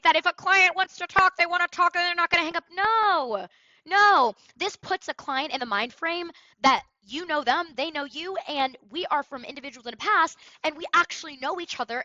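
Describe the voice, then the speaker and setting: A woman sales coach giving an energetic, emphatic training talk on sales calls, with role-play, on a headset. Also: high voice, dry recording, lo-fi sound.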